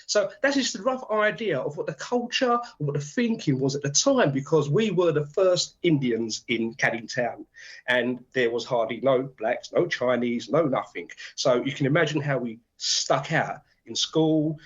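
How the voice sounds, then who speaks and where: A man's voice: mid-range voice, normal speed, breathy edge. An older man from Britain, talking as a guest in a radio interview, telling stories and acting out the voices of other people in them. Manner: lively, acts out voices in his stories. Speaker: author and guest. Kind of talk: animated radio interview storytelling. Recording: dull lo-fi radio audio.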